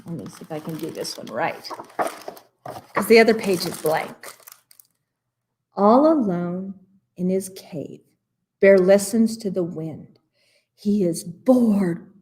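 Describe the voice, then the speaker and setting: A woman reading a rhyming picture book aloud for a library storytime, playful and expressive, with asides about the pages. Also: on the low side, takes it slowly, pauses often.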